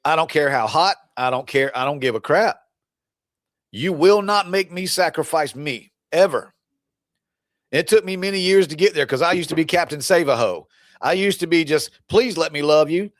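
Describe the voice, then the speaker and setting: This man's slightly high voice comes at normal speed with studio quality and no room sound. He's a divorce coach on a live stream, giving a blunt, fired-up, preachy pep talk and teasing the people watching.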